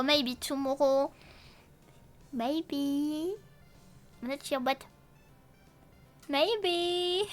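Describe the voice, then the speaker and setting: A high-voiced woman VTuber chats casually on a live stream. She rambles and halts, restarting often and swearing playfully.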